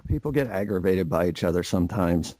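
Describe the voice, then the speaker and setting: A man's voice: sits low, lively intonation, a little fast, mellow, no room sound. A young man co-hosting a casual podcast, rambling and swearing, mocking people in put-on voices. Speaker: podcast co-host. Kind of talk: casual profane chat.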